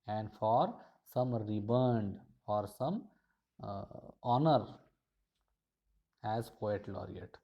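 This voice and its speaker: A man's voice: mid-range voice, highs cut off. A male college teacher, explaining a poem line by line and restating each phrase again and again. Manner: slow, repetitive explanation with frequent restatements.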